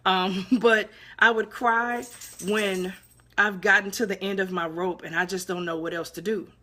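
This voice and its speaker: A woman's voice: mid-range voice, fairly even intonation, measured pace, sharp tone. A woman giving an earnest, emotional devotional talk, preaching with repeated phrases. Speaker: inspirational video host.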